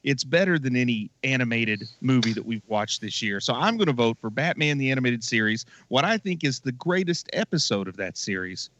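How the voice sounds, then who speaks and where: A man's voice: mid-range voice, expressive, brisk, hardly any pauses, a bit bright, no echo. A man giving his opinions wryly as a co-host on a casual movie podcast. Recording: slightly dull lo-fi audio.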